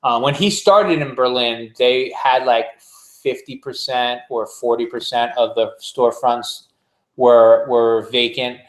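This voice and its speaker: A chatty man rambles along in casual podcast talk and laughs easily. His voice sits at an ordinary middle pitch. The recording has a roomy echo around it. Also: unhurried. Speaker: podcast co-host. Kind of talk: casual chat. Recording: echoey room.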